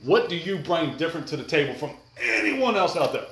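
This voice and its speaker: A man's voice: a little high, big pitch swings, brisk, a bit bright, reverberant. A man hosting a podcast, talking in a brash, blunt and joking way. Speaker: podcast host. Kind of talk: casual podcast chat.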